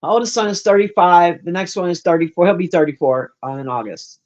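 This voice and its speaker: A loud, brash woman in her fifties chatting casually on a live stream from her room, teasing and roasting her viewers. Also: on the low side, animated, fast talker, dull audio. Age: 50s. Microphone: own desk mic.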